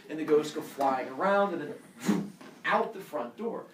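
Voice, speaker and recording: A male teacher telling a myth to his class in an animated way, with a camera across a classroom. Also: a little high, normal speed, distant mic, slight background noise. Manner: animated, acts out every voice. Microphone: camera across the room. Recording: roomy classroom heard from afar.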